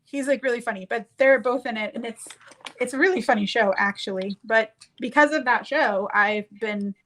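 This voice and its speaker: A woman's voice: a little high, normal speed, a bit bright, low-quality recording. Rambling, chatty woman doing makeup. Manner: rambling, searching for words. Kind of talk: casual chat while doing makeup.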